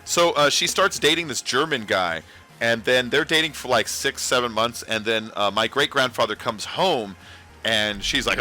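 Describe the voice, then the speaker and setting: A man hosting a casual gaming livestream, chatting loosely and drifting from one thought to the next. His voice is very bright and sits in an ordinary middle pitch. Faint game music plays underneath. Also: normal speed. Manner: rambling, talks to chat. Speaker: livestream host.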